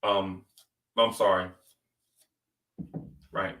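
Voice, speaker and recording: A man's voice: low-pitched, flat delivery, drawn-out words, pushed and bright, roomy sound, recorded from a distance. A man hosting a casual sports talk show, ranting animatedly and repeating phrases for emphasis. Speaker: sports podcast host.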